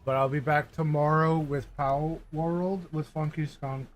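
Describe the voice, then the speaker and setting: A man's voice: fairly high pitch, steady tone, measured pace, slight background noise. Tipsy, rambling male gamer. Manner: rambling, apologetic. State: intoxicated. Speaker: gaming streamer. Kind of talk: casual let's-play commentary.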